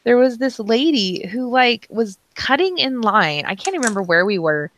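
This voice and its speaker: A woman's voice: a little high, sing-song, normal speed, a bit bright, no echo. Young woman co-host, giggly and self-deprecating, on a dry close mic. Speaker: podcast co-host. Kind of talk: casual chat.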